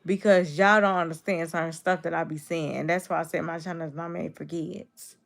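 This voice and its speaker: Reading comments off her livestream and replying straight to chat, a twentysomething woman from Chicago talks casually with a Chicago accent. Viewers tend to assume her naturally low, raspy voice means she's sick; she speaks fairly quickly with fairly even intonation.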